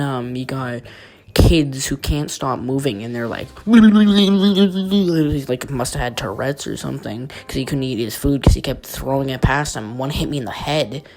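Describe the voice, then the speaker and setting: A young man vlogger telling a crude, exaggerated comic rant. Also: medium pitch. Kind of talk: comedic rant vlog.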